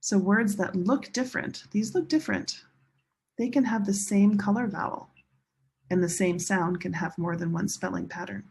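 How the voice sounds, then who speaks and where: A woman teaching English pronunciation in a classroom lesson, slowly modeling each word and stressing syllables with care. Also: medium pitch, a little mellow. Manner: slow, deliberate modeling of words with clear stress.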